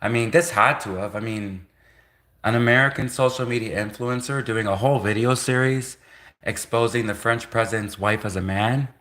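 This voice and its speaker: A man with a bright, edgy voice at an average pitch, hosting a livestream. He rambles sarcastically, restarting his sentences and piling up rhetorical questions. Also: normal speed. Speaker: livestream host.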